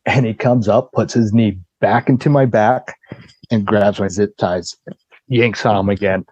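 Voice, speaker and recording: Husky low-voiced man telling a story. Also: fairly even intonation, measured pace, darkish tone, no room sound, muffled recording. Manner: blunt and profane, with lots of "you know" and "like". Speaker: podcast guest. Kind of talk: casual storytelling.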